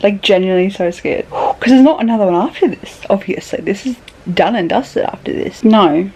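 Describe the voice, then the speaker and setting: Young woman, casual book vlogger, a touch of fry, flips from mumbles to squeals. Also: fairly low pitch, normal speed, slight background noise, rough recording. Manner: chatty, swears freely, swings between murmuring and excited squeals. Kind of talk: casual reading vlog chat. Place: bedroom.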